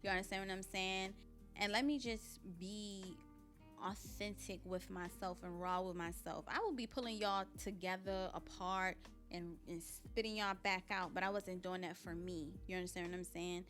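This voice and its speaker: A young woman hosts her own podcast, talking candidly and preachily straight to her listeners. Her voice is bright and forceful, and soft music plays faintly underneath. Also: mid-range voice, fairly even intonation, moderate pace. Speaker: podcast host. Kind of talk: casual motivational monologue.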